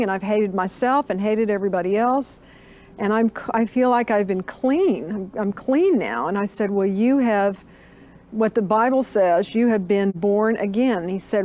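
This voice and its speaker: An older woman tells her story earnestly in an interview. She speaks at an even middle pitch and acts out the remembered dialogue as she goes. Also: moderate pace. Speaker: interview guest. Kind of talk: recounting a personal story.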